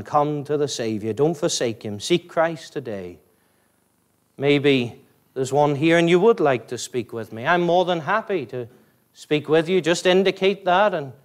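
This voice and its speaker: Pleading Northern Irish preacher, rising pitch. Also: male voice. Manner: pleading evangelistic preaching, climbing high on emphasis then dropping low. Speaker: pastor. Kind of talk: sermon. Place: church.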